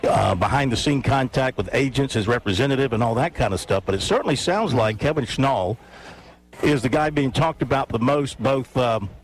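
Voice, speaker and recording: A man hosting sports talk radio, running through scores briskly and bantering in a relaxed way. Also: medium pitch.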